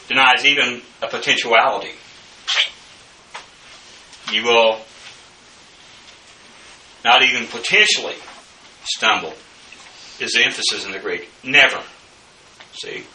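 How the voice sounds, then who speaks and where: Bright-voiced male Bible teacher, roomy distant sound. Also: medium pitch, a little hiss or hum. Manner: slow, deliberate lecturing with frequent fillers. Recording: echoey room, mic at a distance.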